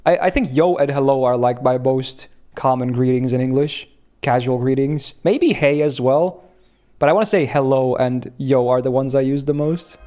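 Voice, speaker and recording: A man's voice: medium pitch, moderate pace, mellow. A young man from Finland chatting casually on a game stream, rambling and laughing as he answers chat.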